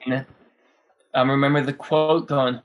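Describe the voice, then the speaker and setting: A man's voice: medium pitch, flat delivery, unhurried. A man in his thirties, a guest skateboarder, telling rambling stories in a casual interview, laughing often and swearing freely.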